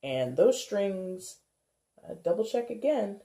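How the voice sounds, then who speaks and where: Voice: medium pitch, big pitch swings, slow pace, creaky, warm tone. A tarot reader giving a casual reading, chatty and thinking aloud, with frequent laughs. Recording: roomy echo.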